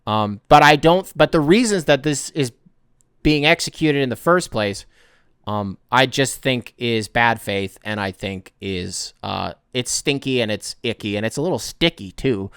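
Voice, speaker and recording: A man's voice: medium pitch, a little slow, fairly bright tone, clean tone, no echo, clean studio sound. A man hosting a sports podcast, ranting in a heated, rambling way, swearing and often restarting his sentences. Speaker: podcast host. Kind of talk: casual sports podcast rant.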